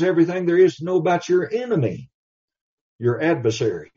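A man's voice: fairly high pitch, animated, dark tone. Male preacher, emphatic scripture reading, distant muffled recording. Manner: emphatic, reads scripture slowly in old English. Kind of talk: sermon.

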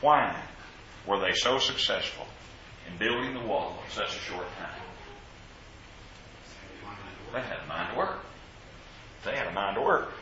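A man's voice: on the low side, lively intonation, normal speed, a crowd in the background. A man teaching a Bible class, reading scripture aloud and putting questions to his students. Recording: roomy, dull lo-fi class recording.

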